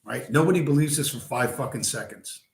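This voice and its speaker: Late at night, a male livestream host rants bluntly and profanely at his viewers from a home room with a squeaky chair, and he's losing his voice. His mid-range voice moves briskly with vocal fry. The recording carries a roomy echo.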